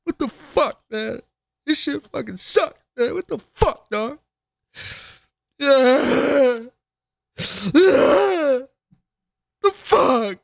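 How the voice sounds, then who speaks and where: A man putting on a high, whimpering crybaby man. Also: vocal fry, dry recording. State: crying. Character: sobbing self-pitying grown man whining.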